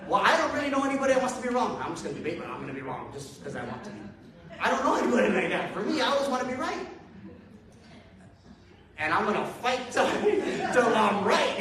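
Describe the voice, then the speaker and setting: Male preacher, high register, loose and self-mocking, heard far off in a very echoey hall. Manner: casual, self-deprecating, chuckling asides. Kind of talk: conversational sermon. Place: church hall with a congregation.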